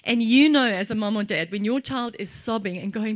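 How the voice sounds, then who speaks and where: A woman, giving an earnest church testimony as a mother, slow and emphatic. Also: fairly high pitch. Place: church hall. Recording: long hall reverb.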